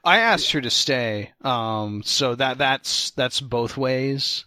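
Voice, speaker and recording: A man co-hosting a podcast, chatting casually in a halting way with many fillers. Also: medium pitch, bright, forceful tone, dry recording. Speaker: podcast co-host. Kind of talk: casual chat.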